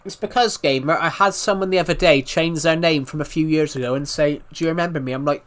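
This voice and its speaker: British guy on a live stream, a bit ill so voice sounds thick, chill steady talk, kinda high pitched for a guy. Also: a little fast. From United Kingdom. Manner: calm, even talking with frequent restarts. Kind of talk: casual live stream chat.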